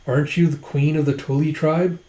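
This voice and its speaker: A man's voice: fairly high pitch, little pitch movement, a little fast, warm tone, close to an everyday voice. A man quoting a stubborn young princess. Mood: defiant. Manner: quoted in a casual retelling. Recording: roomy echo.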